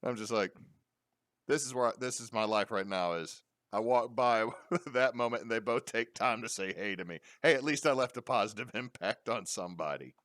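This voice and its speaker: A man's voice: mid-range voice, moderate pace, no room sound, studio quality. A middle-aged man, co-hosting a casual chat and acting out the people in his stories. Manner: animated storyteller, acts out quotes. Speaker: podcast co-host.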